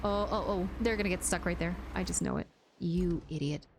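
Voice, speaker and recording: A woman's voice: fairly low pitch, fairly quick, a little hiss or hum. A woman streaming a game live, chatting playfully with her viewers and laughing often. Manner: playful, giggly, talks to chat while playing. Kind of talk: casual live-stream gaming chat.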